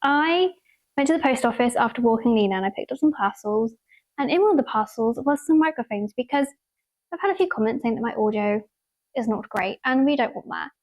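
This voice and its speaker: A woman's voice: a little high, animated, fairly quick, a little mellow. A young woman, chatting casually and gushingly in a vlog, full of "like" and little laughs. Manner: bubbly, gushing, lots of "like". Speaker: vlogger.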